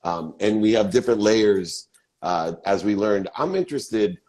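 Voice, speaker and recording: Deep-voiced guy in his fifties cohosting, all hyped up, casual swearing, jokes about himself. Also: animated, normal speed, a little mellow. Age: 50s. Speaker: podcast co-host. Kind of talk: casual interview chat. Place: hotel hallway.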